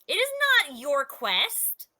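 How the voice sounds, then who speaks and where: A woman's voice: high-pitched, sing-song, slow, pushed and bright, exaggerated voice. A woman playing a suspicious adventurer who confronts a companion bluntly. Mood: defiant.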